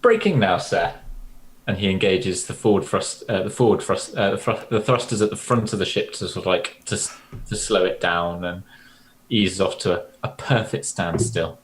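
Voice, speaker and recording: Lowish-voiced man playing a tabletop game. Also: fairly even intonation, moderate pace, rough recording. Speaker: player. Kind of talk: casual tabletop role-play.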